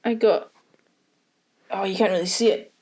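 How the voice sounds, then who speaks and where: A woman's voice: mid-range voice, moderate pace, darkish tone, husky. A woman with a middle-range voice chats casually as a co-host. She jokes around and keeps the tone playful. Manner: playful, joking. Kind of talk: casual chat.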